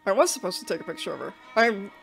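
A woman's voice: mid-range voice, sing-song, fast, gravelly. A young woman commenting on a horror game as she plays, jittery and panicky, breaking into nervous laughter. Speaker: gaming video host. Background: game music.

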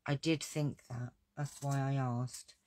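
A woman's voice: extremely low pitch, fairly even intonation, slow, darkish tone, no echo. A woman hosting a casual crafting video, chatting to her viewers in a self-deprecating way and laughing often.

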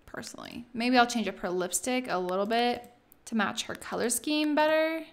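A woman hosting a let's play, chatting excitedly through casual gameplay commentary with lots of "like". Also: on the high side, moderate pace, vocal fry.

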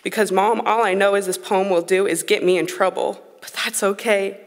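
This young woman in her late teens, a high school slam poet, has a mid-range voice with vocal fry, a steady tone, and a moderate pace. She performs her spoken word poem in an earnest, emotionally raw way, her words echoing with the long reverb of a concert hall.

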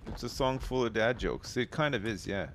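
A man's voice: medium pitch, animated, moderate pace, a little hiss or hum. A British man casually chatting and swearing while livestreaming a game, bantering sarcastically with his chat. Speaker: streamer. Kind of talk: casual live game commentary.

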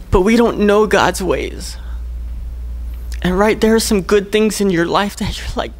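A man's voice: sits high, animated, measured pace. A young man preaching a sermon to a church, earnest and conversational, often checking in with the listeners. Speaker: guest preacher.

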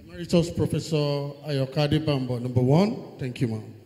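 A man's voice: fairly high pitch, moderate pace, dark tone, a little hiss or hum. A man, the master of ceremonies, politely directing the audience in a formal manner. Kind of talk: formal event hosting. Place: large lecture hall. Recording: hall with long reverb.

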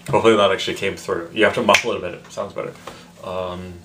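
A man's voice: deep voice, steady tone, rapid-fire, gravelly, background noise. A tipsy man rambling in a casual, self-mocking vlog. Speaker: vlogger.

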